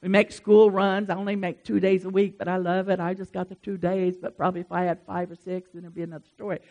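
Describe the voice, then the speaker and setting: A pastor, preaching a sermon in a lively, emphatic way and speaking straight to the congregation. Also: medium pitch, fast talker, dull audio.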